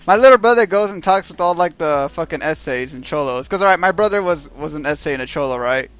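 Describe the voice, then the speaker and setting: A man's voice: fairly high pitch, expressive, fast talker, a bit bright, clean tone, faint music behind. A man telling a rambling, profanity-heavy story on a stream. He keeps checking in with his listeners by asking "right?". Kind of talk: casual storytelling.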